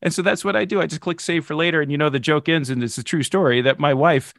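Fast, bright-voiced animated storyteller man. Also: on the high side, gravelly, dry recording, clean studio sound. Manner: animated, self-mocking, exasperated storytelling. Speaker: podcast guest. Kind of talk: casual storytelling in conversation.

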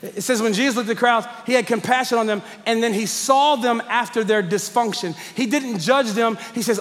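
A man's voice: extremely high pitch, a little fast, few pauses, fairly bright tone. A man preaching a sermon, calling out to his congregation with rising intensity, recorded live in a large church hall. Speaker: pastor.

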